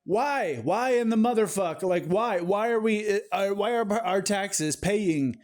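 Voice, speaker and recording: A man's voice: high voice, takes it slowly. A man ranting angrily and profanely as a political commentator, exasperated and furious. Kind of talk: angry political rant.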